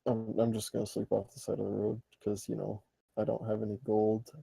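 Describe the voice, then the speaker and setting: A man playing a tabletop game with a gravelly, dark-toned voice recorded dry and close. He talks in a laid-back, blunt way. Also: on the low side, completely flat delivery, a little fast, no room sound. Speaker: player. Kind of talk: casual tabletop play.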